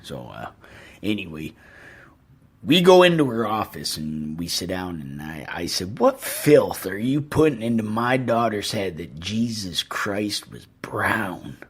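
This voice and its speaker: A man doing a husky, blustering rock-star dad. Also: on the low side, sing-song, exaggerated voice. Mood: self-righteous. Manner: rambling, self-righteous storytelling with slow pauses. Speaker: podcast host. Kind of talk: comedic impression monologue.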